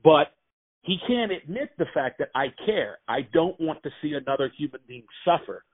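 Male interview guest, lively storyteller, dry tinny phone sound. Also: fairly high pitch, normal speed, no room sound. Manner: animated anecdotes, acts out quotes. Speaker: actor and writer, guest.

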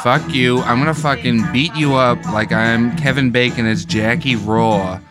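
A man voicing a crude, loud young Boston bro with a heavy Boston accent, boastful and profane. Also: mid-range voice, measured pace, loud music behind the voice, natural voice. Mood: brash. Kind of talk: comedy sketch banter.

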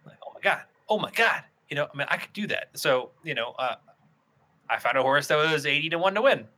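A man's voice: on the high side, animated, fast, bright, forceful tone. A young man telling rambling stories in a casual podcast chat, swearing and restarting often.

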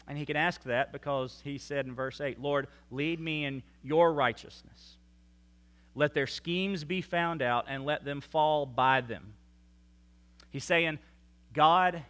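Man preaching with emphatic swings. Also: fairly high pitch. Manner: emphatic preaching, rising and falling loudness, slow stressed quotes. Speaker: pastor. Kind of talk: sermon. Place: church sanctuary.

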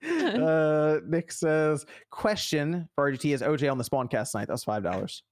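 A man's voice: on the high side, animated, moderate pace, no echo, studio quality. A man hosting a casual gaming podcast, reading out viewer messages and laughing often. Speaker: podcast host reading chat. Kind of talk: casual chat.

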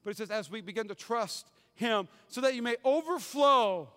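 Pastor, male, high voice, emphatic sermon delivery with repeated phrases, long church reverb. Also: animated, moderate pace, clean tone. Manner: emphatic, repeats key phrases, swings from loud to hushed. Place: church sanctuary. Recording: hall reverb, church sanctuary.

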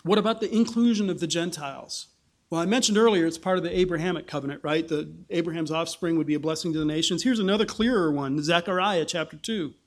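A man preaching a sermon in an animated way, often restarting phrases and acting out the people he quotes. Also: a little high, fast talker. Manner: animated, acts out quoted voices, frequent restarts.

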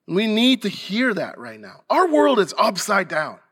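A man's voice: high voice, huge pitch swings, unhurried, a bit bright. A male pastor preaching a sermon earnestly and emphatically, sometimes restarting a phrase.

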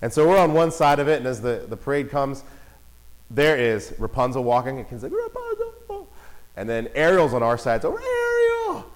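A father telling a family story in a casual, animated way. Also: medium pitch, brisk, rough recording. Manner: animated, acts out voices and shouts in quotes.

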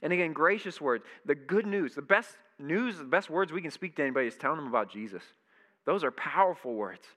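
A man preaching a sermon, animated and emphatic, repeating key phrases. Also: fairly high pitch, fairly quick. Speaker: pastor.

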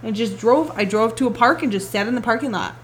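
A woman hosting a podcast in casual chat, telling animated stories, laughing often and swearing casually. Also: fairly high pitch, quick pace, slight background noise. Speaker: podcast host.

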